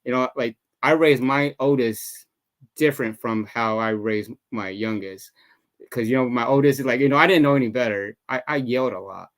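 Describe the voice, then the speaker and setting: A father in a men's discussion circle speaking earnestly and emotionally, halting often and restarting his sentences. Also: mid-range voice. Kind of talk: casual group discussion.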